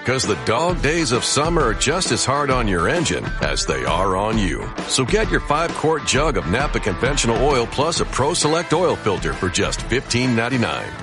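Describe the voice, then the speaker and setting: A man voicing a scripted radio ad with smooth, polished announcer delivery. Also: medium pitch, big pitch swings, moderate pace, hardly any pauses, close to an everyday voice. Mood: upbeat. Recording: ad read over loud music.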